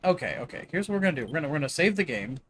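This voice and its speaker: A man's voice: on the high side, very animated, very fast, fairly bright tone, slight background noise. An American man hosting a game stream, chatting casually, laughing often and exclaiming when startled. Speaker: streamer host. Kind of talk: casual gameplay commentary.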